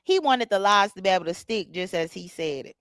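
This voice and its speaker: This livestream host has a mid-range, expressive voice with a fairly bright tone, and she talks briskly. In her casual commentary she speaks bluntly with features and welcomes chat viewers by name. The recording is dry.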